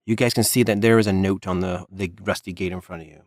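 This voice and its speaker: A man's voice: low-pitched, fairly even intonation, dry recording, clean studio sound. A man narrating a tabletop game as dungeon master, often restarting and filling with "like". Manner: halting narration with restarts and fillers.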